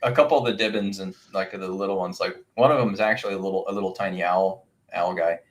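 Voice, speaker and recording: A man narrating a tabletop game as game master, rambling and halting with many restarts. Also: low voice.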